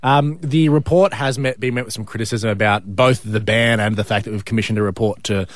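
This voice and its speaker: An Australian man co-hosting breakfast radio, firing off quick wisecracks and laughing at his own jokes. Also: lowish voice, steady tone, no echo. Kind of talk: casual radio banter.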